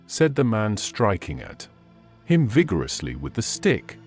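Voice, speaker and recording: A man's voice: on the low side, big pitch swings, unhurried, darkish tone, soft background music. A man reading classic fiction aloud as an audiobook narrator, telling the story expressively.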